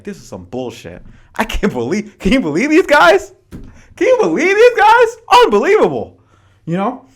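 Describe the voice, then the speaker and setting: A man with a fairly high voice talks on a podcast in a casual, animated way. His pitch swings widely as he reads history passages from notes and breaks into slangy asides. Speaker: podcast host. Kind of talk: casual podcast talk mixed with reading from notes.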